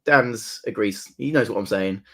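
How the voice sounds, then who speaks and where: A man as a guest in a casual hobby chat, agreeable and quick to laugh. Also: lowish voice. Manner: agreeable, laughs often, frequent yeahs. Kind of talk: casual hobby chat over video call.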